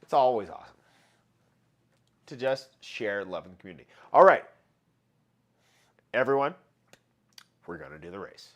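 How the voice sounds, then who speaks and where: Chatty and loud with his greetings, this livestream host reads viewers' names aloud, talks with them casually, and runs giveaways. He speaks at normal speed in a lowish voice with big pitch swings and frequent pauses.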